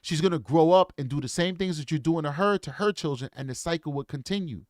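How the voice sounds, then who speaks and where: Earnest man in his forties, slightly high voice. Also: fast, no echo, studio quality. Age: 40s. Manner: earnest, lecturing, repeats himself. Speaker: true crime commentator. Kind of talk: casual commentary.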